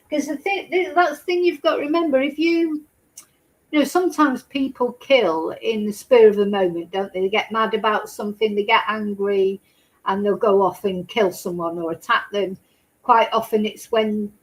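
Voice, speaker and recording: A woman's voice: a little high, rough recording. Chatty woman hosting true crime. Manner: chatty, rambling, asks rhetorical questions. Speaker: true crime channel host. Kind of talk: casual chat with live chat viewers.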